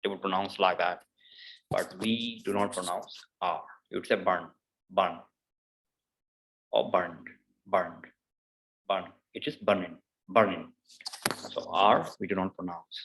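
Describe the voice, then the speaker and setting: A male pronunciation teacher speaks at an unhurried pace, repeating each example word several times. His low voice has a gravelly edge, and he explains patiently, with frequent fillers. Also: fairly even intonation, fairly bright tone, slight background noise, poor audio. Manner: explains patiently with many "obviously" and "uh". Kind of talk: pronunciation lesson.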